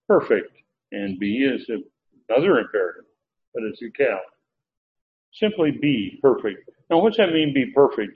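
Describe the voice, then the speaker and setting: A man teaching through Bible verses word by word, pausing often with filler sounds as he explains. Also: mid-range voice. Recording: dull lo-fi recording with faint background noise.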